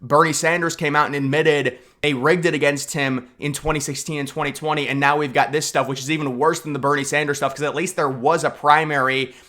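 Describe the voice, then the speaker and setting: A man's voice: on the high side, fairly even intonation, brisk, hardly any pauses, pushed and bright. A man giving a casual, rambling political commentary rant, sarcastic and full of repeats and restarts.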